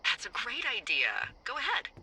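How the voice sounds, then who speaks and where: Delilah, wry lookout boss over radio. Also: female voice, fairly high pitch, big pitch swings, normal speed, background noise. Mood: teasing. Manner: playful, sarcastic, swears freely. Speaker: fire lookout supervisor. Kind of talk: video game dialogue.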